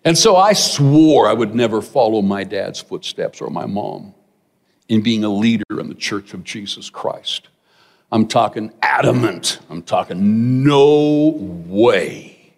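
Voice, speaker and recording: A man's voice: lowish voice, unhurried, gravelly. Middle-aged male pastor in a reverberant hall. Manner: storytelling, animated asides to the congregation. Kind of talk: sermon. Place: large church hall.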